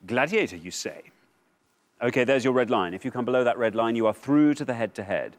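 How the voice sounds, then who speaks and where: A man hosting a television quiz show, upbeat and teasing, with bursts of excitement when answers are revealed. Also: medium pitch, a little fast. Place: television studio.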